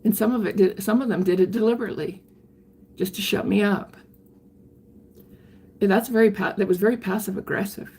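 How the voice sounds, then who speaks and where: An older woman, chatting candidly on a live stream and answering viewer comments in a halting way, often restarting her sentences. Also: mid-range voice, fairly even intonation, mellow, slightly rough. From Canada. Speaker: livestreamer reading viewer comments. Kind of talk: casual live-stream chat.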